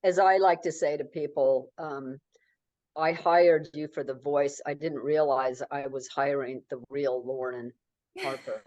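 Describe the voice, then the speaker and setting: A woman author with a very low, deep voice talks in a relaxed interview, heaping warm praise and often restarting her sentences. Her voice sounds close and dry, with no room around it. The sound is a bit dull and lo-fi. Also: unhurried, dry recording. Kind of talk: casual interview chat.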